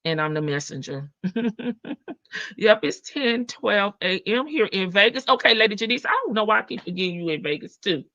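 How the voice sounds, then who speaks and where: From her home in Las Vegas, a woman hosts a casual live stream, sassy and brash, swearing freely and laughing often. Her medium-pitched voice is pushed and bright with lively intonation at normal speed, no echo, over dull lo-fi stream audio.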